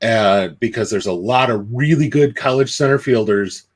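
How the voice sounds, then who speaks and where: A man on a casual sports podcast, relaxed and rambling as he analyzes players. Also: medium pitch, normal speed. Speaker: podcast co-host. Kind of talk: casual chat.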